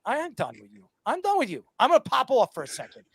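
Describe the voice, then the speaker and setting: A man hosting a casual sports talk show, loud and argumentative, bantering with guests. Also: very high voice, wildly swooping pitch, quick pace, gravelly, breathy edge, dry recording. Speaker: podcast host.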